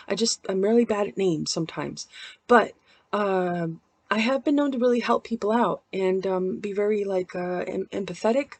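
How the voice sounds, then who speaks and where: A woman's voice: on the high side, dry recording. A woman in her forties vlogging from home into a laptop mic, chatting in a meandering, candid, self-deprecating way. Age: 40s. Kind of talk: casual vlog chat.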